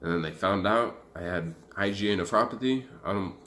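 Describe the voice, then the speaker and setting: A young vlogger from Arizona, his voice sitting low, tells his story to camera at a brisk clip. The delivery is loose, profane, animated, and rambling.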